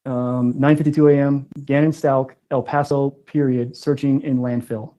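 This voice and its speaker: A man testifying as a witness in court, calmly reading out a list of items and spelling out words letter by letter. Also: medium pitch, moderate pace, rough recording. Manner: matter-of-fact, reads items out and spells them.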